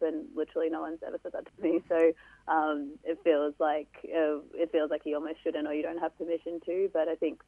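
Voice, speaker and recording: A woman's voice: deep voice, flat delivery, a little fast, no room sound, narrow, tinny audio. A young woman comedian answering interview questions in a rambling, hesitant way. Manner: rambling, hesitant, many fillers.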